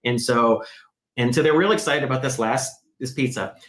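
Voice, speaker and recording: A man as an interview guest, telling a story in a lively conversational way and acting out quoted voices. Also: medium pitch, normal speed, reverberant, poor audio. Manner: animated, acts out quoted voices. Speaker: guest, math program founder.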